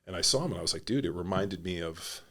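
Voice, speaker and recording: A man's voice: low voice, expressive, quick pace, bright, forceful tone. A middle-aged man, a former pro football player, telling stories as a podcast guest in a rambling, blunt and profane way. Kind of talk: casual conversational storytelling.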